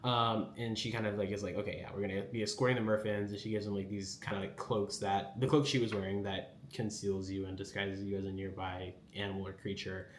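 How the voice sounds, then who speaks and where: A fairly low-voiced man talking through an anime episode in a loose, rambling way, with plenty of fillers and little acted-out lines. He sounds like he is in a roomy, echoey space. A faint hiss of noise sits behind him. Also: level tone, brisk, few pauses. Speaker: anime recap host. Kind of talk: casual recap commentary.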